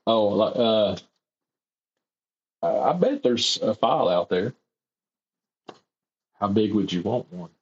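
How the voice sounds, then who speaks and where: A man's voice: on the low side, animated, slow, long pauses, highs cut off, a little hiss or hum. A man chatting casually and rambling as he airbrushes in his home workshop on a livestream. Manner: rambling, easygoing, self-deprecating. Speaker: airbrush artist streaming his work. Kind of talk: casual livestream chat while painting.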